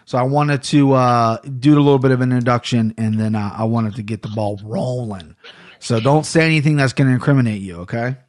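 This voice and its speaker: A man's voice: mid-range voice, brisk, a little mellow. Guy running a betting podcast, chatty and rambly, fixes his words a lot. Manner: chatty, self-correcting, rambling. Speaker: podcast host. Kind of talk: casual sports betting podcast chat. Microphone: headphones on a studio setup.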